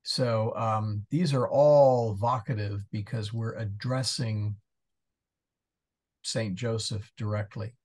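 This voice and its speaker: A man's voice: fairly low pitch, fairly even intonation, slow, a little mellow. A man teaching a casual Latin class, thinking aloud and muttering asides while he looks things up. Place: church parish class over video call.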